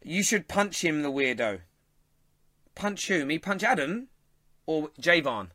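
A man's voice: on the high side, lively intonation, unhurried, pushed and bright, no echo, clean studio sound. Laid-back London man hosting a football show. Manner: laughs often, banters with chat. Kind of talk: casual live-stream chat.

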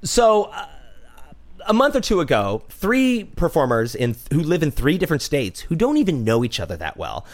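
A man co-hosting a casual talk podcast, telling a story with an animated manner, swearing freely and mimicking the people he quotes. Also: fairly high pitch, moderate pace. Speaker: podcast co-host.

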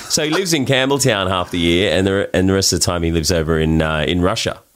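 An Australian man in casual conversation as a guest, telling travel stories with lots of restarts and excited jumps in voice. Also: fast talker, clean tone. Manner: animated storyteller, many restarts, jumps high for quoted voices. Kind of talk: casual interview chat.

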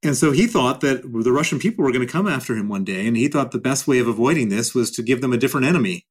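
A man's voice: medium pitch, animated, quick pace, breathy edge. A middle-aged man answering interview questions in a blunt, emphatic way, repeating phrases for stress. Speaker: guest.

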